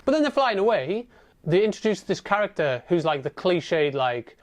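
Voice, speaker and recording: A man tears into a film in a casual, profane rant with a slightly higher voice. He keeps it sarcastic and animated, picking at each plot hole. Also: normal speed. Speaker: movie reviewer. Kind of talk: casual ranting film review.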